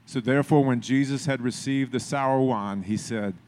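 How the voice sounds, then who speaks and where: A man preaching from the pulpit at a mid-range pitch. He talks it through in a relaxed, conversational way, then drives his points home with emphatic repetition. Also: moderate pace. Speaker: pastor. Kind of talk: sermon.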